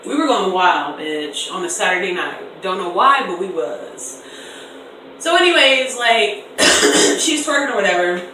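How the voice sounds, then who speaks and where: A young woman in her twenties telling a storytime on camera in an animated, slangy way, acting out voices in quotes. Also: medium pitch, a little slow, a little hiss or hum. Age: 20s. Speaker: vlogger. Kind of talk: casual storytime. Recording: echoey room, distant mic.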